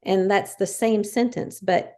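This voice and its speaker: A woman's voice: mid-range voice, steady tone, unhurried, a little mellow. A woman in her fifties co-hosting a casual faith podcast, earnestly explaining her points one by one. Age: 50s. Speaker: podcast co-host.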